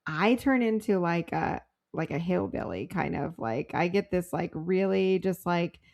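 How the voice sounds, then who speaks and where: A woman's voice: fairly low pitch, animated, unhurried, vocal fry, darkish tone. A woman co-hosting a podcast in casual chat, talking loosely and giggling often. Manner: chatty and giggly, with loose filler-heavy phrasing. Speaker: podcast co-host.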